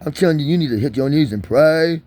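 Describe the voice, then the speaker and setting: A man's voice: fairly high pitch, lively intonation, fast talker, dark tone. A man with a speech impediment, ranting angrily in a vlog. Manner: agitated, angry ranting. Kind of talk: vlog rant.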